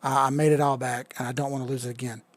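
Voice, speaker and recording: A man's voice: medium pitch, flat delivery, fast talker, dry recording. A man hosting a crypto live stream, talking casually and rambling while he charts, swearing now and then and reading out chat. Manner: laid-back, rambling, swears casually, reads chat aloud.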